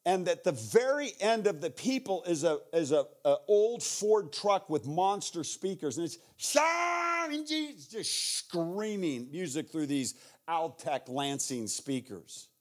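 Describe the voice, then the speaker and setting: A middle-aged man preaching as a guest speaker, telling an animated story and acting out the people in it, with playful asides. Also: a little high, a little slow. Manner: animated, acts out the people in his stories. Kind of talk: sermon storytelling.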